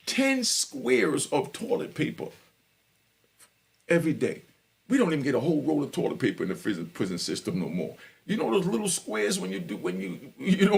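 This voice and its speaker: Older dude, raspy gravelly voice, fired up and swearing, high and all over the place. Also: male voice. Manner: loud, profane, preaching to viewers. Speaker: prison story vlogger. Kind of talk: heated unscripted monologue.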